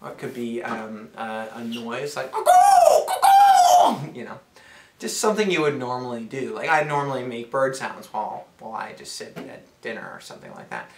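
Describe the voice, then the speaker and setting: A man's voice: mid-range voice, lively intonation, brisk, creaky, noisy background. Playful, rambling man in a roomy echo. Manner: rambling, playful, full of fillers. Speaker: game explainer. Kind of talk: casual demonstration.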